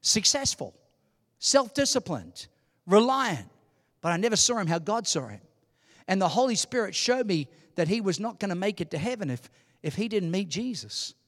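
Emphatic high-voiced preacher in a hall. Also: male voice, very animated, moderate pace. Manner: emphatic storytelling, swinging from hushed to shouting. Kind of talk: sermon. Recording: hall reverb.

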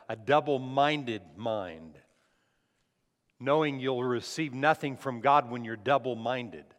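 A man's voice: medium pitch, fairly bright tone. Man preaching in a hall. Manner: conversational preaching with frequent restarts. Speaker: pastor. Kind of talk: sermon. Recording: long hall reverb.

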